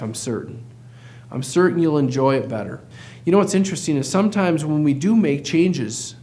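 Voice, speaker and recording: A man with a high, light voice gives a motivational talk as a practice coach. He speaks earnestly and with emphasis, and keeps putting rhetorical questions to his listeners. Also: a little mellow. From United States.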